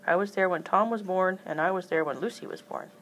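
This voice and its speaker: A woman's voice: fairly low pitch, brisk, fairly bright tone, slight background noise, natural voice, rough recording. Woman doing a stubborn old storybook aunt. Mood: insistent. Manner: stubborn, emphatic. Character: fiery determined elderly aunt, tiny.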